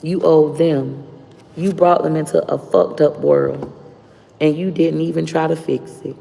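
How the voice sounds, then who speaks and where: A woman's voice: low voice, steady tone, measured pace, gravelly, mellow. A woman streamer talking to her viewers in a blunt, profane, fired-up way. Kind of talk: casual live-stream rant. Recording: roomy echo with long reverb.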